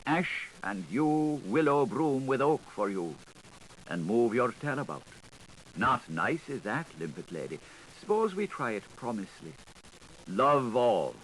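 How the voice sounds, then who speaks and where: A man's voice: medium pitch, rough recording. Lilting male audiobook reader, faint hiss. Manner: lilting, sing-song recitation with wide swings in loudness. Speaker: audiobook narrator. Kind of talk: unabridged literary audiobook reading. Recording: 1980s studio tape, faint hiss.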